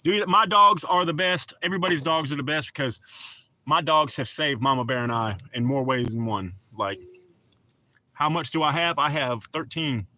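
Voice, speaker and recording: A man's voice: on the high side, normal speed, pushed and bright. A middle-aged man hosting a casual livestream, chatting with viewers and greeting them by name. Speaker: livestream host.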